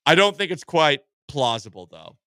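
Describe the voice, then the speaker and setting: A man hosting a sports radio show, animated and jokey, reading listener comments aloud in casual chat. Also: a little high, normal speed, clear, resonant tone, dry recording, clean studio sound.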